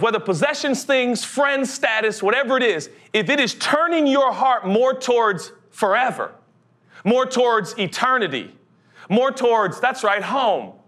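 An animated sermon comes from a young adult man preaching as pastor, who shifts into comic voices and works up to an urgent pitch.

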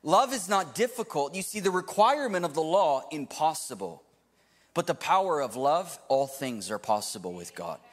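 A man in his thirties preaching a sermon to a live congregation, swinging from loud to hushed. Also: fairly high pitch, sing-song, normal speed, long reverb tail. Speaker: pastor. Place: church hall with live audience.

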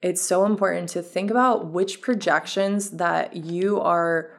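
A woman with a somewhat low voice and a noticeable vocal fry talks through her own podcast. She speaks casually and reflectively, as a health coach would, often leaning on fillers like "um" and "like" as she works through her ideas. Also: unhurried. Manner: relaxed and reflective, with frequent fillers like "um" and "like". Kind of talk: casual solo podcast monologue.

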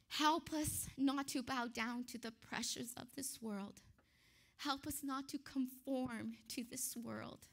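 Earnest high-voiced woman preaching. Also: pushed and bright. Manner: earnest and emphatic, with frequent self-corrections and light laughs. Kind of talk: sermon.

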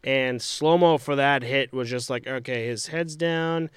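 A man's voice: medium pitch, unhurried, fairly bright tone, clean tone, dry recording. A young man co-hosting a casual sports podcast, rambling and trailing off between thoughts. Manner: rambling, trails off, acts out quotes. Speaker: podcast co-host. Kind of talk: casual hockey chat.

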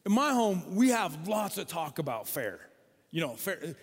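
A man preaches a sermon, telling stories with animated energy and acting out the people in them. His voice sits a little high for a man. Long reverb trails behind him, as in a large hall. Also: a little slow, husky. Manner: animated storytelling, acts out quoted voices. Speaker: pastor.

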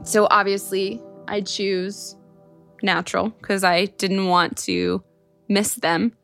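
A woman's voice: mid-range voice, little pitch movement, takes it slowly, creaky, fairly bright tone. A young adult woman telling her own story in an earnest, emotional, candid way, as a podcast guest. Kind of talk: personal storytelling. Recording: music bed behind the voice.

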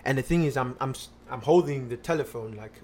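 A man's voice: mid-range voice, fast talker, darkish tone, slight background noise. A man on a podcast casually telling a personal story, rambling with lots of fillers and restarts.

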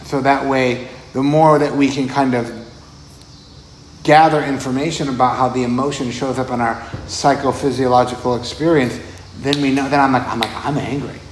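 A man's voice: medium pitch, steady tone, normal speed. A man, a meditation teacher, giving a casual dharma talk. He talks conversationally, repeats words and chuckles often. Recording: roomy echo, faint background noise.

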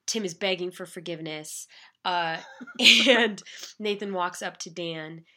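A woman co-hosting a podcast, chatting casually and narrating TV scenes in an animated way, laughing often. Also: lowish voice, a little slow. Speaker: podcast co-host. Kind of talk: casual TV recap chat.

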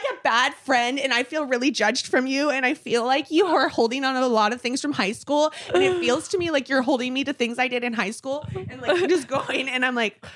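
Woman podcast guest: blunt, swearing, laughing storyteller with a slightly high voice. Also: a bit bright. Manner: candid, swearing, laughs through stories. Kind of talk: casual storytelling chat.

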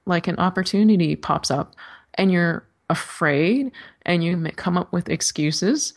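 An author from California, appearing as an interview guest, tells her story in a casual way and animatedly acts out her own inner voices. She speaks unhurriedly in a lowish voice.

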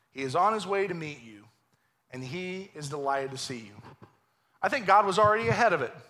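A man preaching a lively, joking sermon in a church, acting out voices as he goes. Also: high voice. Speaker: pastor. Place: church sanctuary.

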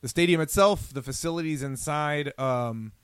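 A man's voice: on the high side, moderate pace, smooth. A man co-hosting a podcast, chatting casually and enthusiastically, often laughing as he talks. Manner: enthusiastic, laughs while talking. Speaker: podcast co-host.

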